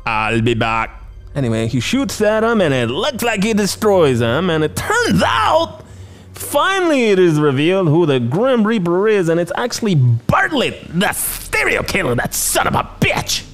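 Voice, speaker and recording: A male podcast host giving a comedic movie recap, excited, rambling and sarcastic. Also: sits high, moderate pace, faint music behind.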